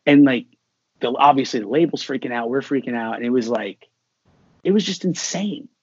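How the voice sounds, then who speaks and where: A husky-voiced middle-aged man recounts his story in an interview, full of energy and acting out the lines of others. The recording is dry and slightly dull, with a lo-fi edge. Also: medium pitch, a little fast, no room sound. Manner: animated, acts out quoted dialogue. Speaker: musician guest. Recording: dull lo-fi sound.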